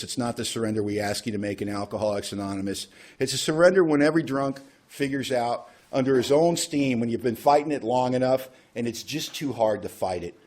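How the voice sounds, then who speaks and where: A man's voice: mid-range voice, a little mellow. A man telling his own recovery story to a group, wry and self-mocking, acting out the voices of people he quotes. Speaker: recovery workshop speaker.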